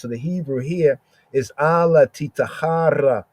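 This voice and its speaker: A man teaching scripture on a casual podcast. He checks in with "right?" again and again and draws out Hebrew words slowly. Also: medium pitch, darkish tone, no room sound. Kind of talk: informal scripture study podcast.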